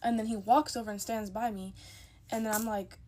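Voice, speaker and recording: A woman's voice: medium pitch, fairly even intonation, brisk, darkish tone, slight background noise. A young woman telling a casual storytime into her phone, chatty and emphatic, acting out the people in her story.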